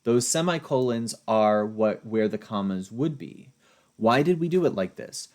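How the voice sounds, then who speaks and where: A man's voice: mid-range voice, expressive, measured pace, darkish tone. A man lecturing as a writing instructor, explaining through examples and often checking in with a rhetorical "right?".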